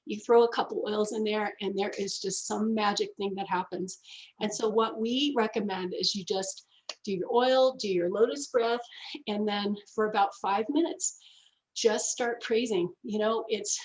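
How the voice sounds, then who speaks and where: A woman's voice: medium pitch, steady tone, normal speed, poor audio. A woman teaching a gratitude class, effusive and emotional, laughing often as she explains.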